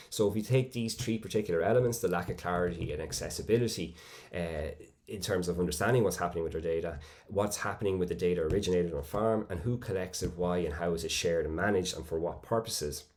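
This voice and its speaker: Male conference presenter, deep voice, measured delivery with many fillers and self-corrections. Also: a little mellow. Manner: measured, with frequent fillers and restarts.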